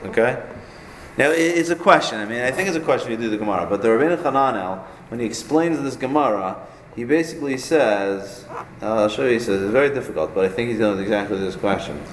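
A man's voice: medium pitch, fast. Guy teaching talmud, lots of back and forth questions, echoey room with a little hiss. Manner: animated, questioning, repeats himself. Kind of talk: Talmud class lecture. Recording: echoey room, faint noise.

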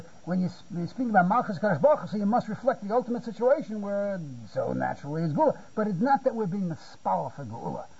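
A man's voice: high-pitched, warm tone, breathy edge, highs cut off. A man giving a Torah lecture, often repeating words and checking "you see?". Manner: repeats words while searching for phrasing, asks "you see?". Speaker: Talmud teacher.

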